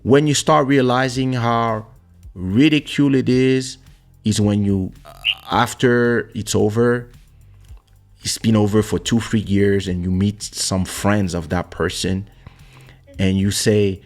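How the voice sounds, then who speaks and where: A man hosting a casual talk show, telling personal stories in an animated way and acting out the voices of the people he quotes, into a studio microphone. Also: on the low side, measured pace. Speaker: podcast host. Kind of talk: casual storytelling chat. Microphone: streaming studio microphone.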